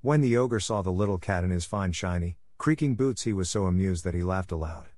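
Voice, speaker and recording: A man narrating a fairy tale in a steady, even storytelling manner, close to the mic. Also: sits low, a little fast, dry recording. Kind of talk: scripted audiobook narration.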